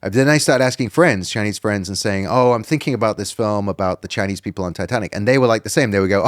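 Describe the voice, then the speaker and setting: A middle-aged British man tells a long story as a podcast guest, circling back and restarting his sentences as he goes. His voice sits a little low. The sound is close and dry. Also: quick pace, hardly any pauses, no room sound. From Britain. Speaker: documentary filmmaker guest. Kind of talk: casual podcast conversation.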